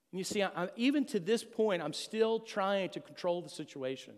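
A man's voice: high voice, expressive, normal speed, few pauses. A middle-aged man giving an earnest, emotional personal testimony to a church congregation. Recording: long hall reverb.

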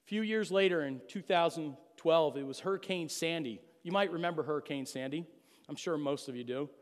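A man's voice: a little high, a little fast. A middle-aged man giving an earnest, emotional personal testimony to a church congregation. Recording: long hall reverb.

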